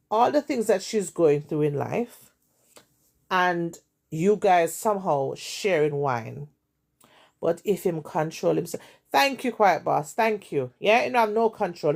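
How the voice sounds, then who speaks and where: A woman's voice: on the low side, creaky, darkish tone. A woman with a Jamaican accent, retelling a story in emphatic, repetitive, dramatic casual chat as host.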